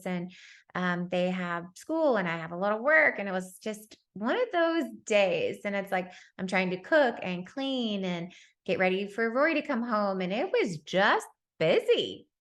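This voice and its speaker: A woman's voice: medium pitch, a bit bright. Woman, 30s, candid reflective talker, fillers, self-deprecating. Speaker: speaker sharing parenting lessons. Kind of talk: personal reflective talk.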